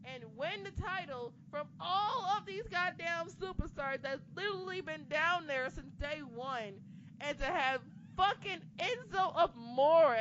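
A woman in casual chat who rants with lots of swearing and animated outbursts. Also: very high voice, a little slow. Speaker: co-host discussing wrestling. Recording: dull lo-fi recording with faint noise.

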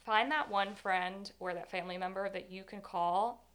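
A woman's voice: medium pitch, fairly even intonation, moderate pace, a bit bright. A young woman telling a personal story in an interview, candid and rambling, full of fillers.

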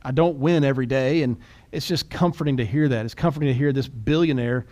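A man co-hosting a podcast in casual chat, quick and animated, often restarting and repeating words. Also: medium pitch. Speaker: podcast co-host.

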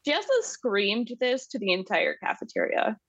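A woman in a casual podcast chat who talks slowly with a lively, swooping delivery. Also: on the high side, dull audio, crowd noise. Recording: dry, distant from mic.

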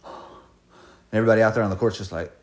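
A man's voice: on the low side, fairly quick. A man in his twenties telling stories in casual chat, swearing freely and laughing as he goes. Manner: profane, animated storytelling with laughs. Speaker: podcast co-host telling stories.

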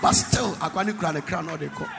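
Pastor preaching in an echoey hall. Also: male voice, fairly high pitch, brisk, vocal fry, loud music behind the voice. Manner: preaching loudly, switching into song and local words. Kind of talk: sermon. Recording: echoey hall with faint ambience.

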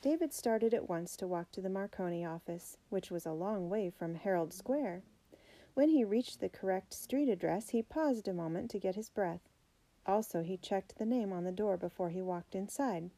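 A woman reading a children's biography aloud in a steady, clear storybook narration. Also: medium pitch, moderate pace, low-quality recording. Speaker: audiobook reader.

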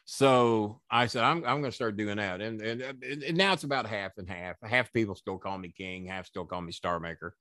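Speaking at a normal clip with barely a pause, this former wrestling manager has a lowish voice and a dry, studio-grade sound. He's a guest on a podcast, cursing liberally while he tells stories and acts out other people's lines.

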